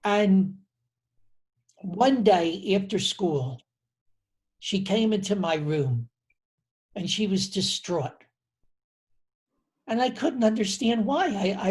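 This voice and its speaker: Slow, earnest older man telling a story. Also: darkish tone. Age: 70s. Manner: slow, earnest and reflective, dropping low on key phrases. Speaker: host. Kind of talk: conversational storytelling.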